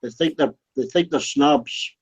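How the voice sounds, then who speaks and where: A man's voice: a little high, a little slow. A man with a North Scottish accent in a casual group voice chat, blunt and teasing with heavy swearing. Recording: dull lo-fi online call audio.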